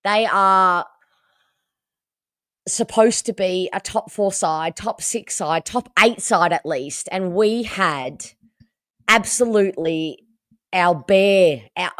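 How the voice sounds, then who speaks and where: An Australian woman hosting a casual livestream, hoarse from losing her voice and chatting with viewers about the game. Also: mid-range voice, slow, no echo, studio quality. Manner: chatty and animated, reading out viewer comments. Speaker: livestream host.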